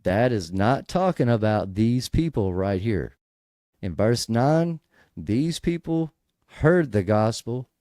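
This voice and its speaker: A man's voice: on the low side, warm tone, no room sound, clean studio sound. A man hosting a casual Bible study show, explaining verses in a conversational way, with frequent restarts and sudden emphatic bursts.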